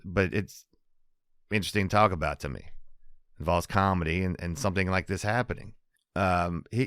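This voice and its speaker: A man's voice: sits low, fairly bright tone, dry recording, studio quality. A man hosting a casual comedy podcast monologue, rambling, restarting sentences and laughing at his own jokes. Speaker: podcast host.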